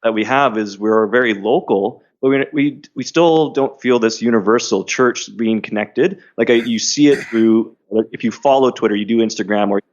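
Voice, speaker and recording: A man speaking as a podcast guest, earnest and quick to laugh. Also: mid-range voice, highs cut off. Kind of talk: casual interview.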